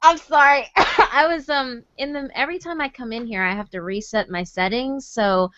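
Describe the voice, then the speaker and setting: Bright, giggly woman on a voice chat. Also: high voice, moderate pace, dry recording. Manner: giggly, chatty and teasing. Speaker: guest. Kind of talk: casual group chat on a live stream. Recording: lo-fi, dry voice chat audio.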